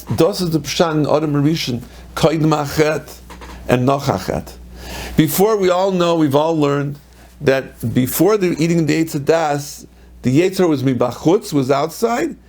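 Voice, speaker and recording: A man who is a rabbi giving a Torah lecture, animated, acting out quoted voices with sudden pitch jumps.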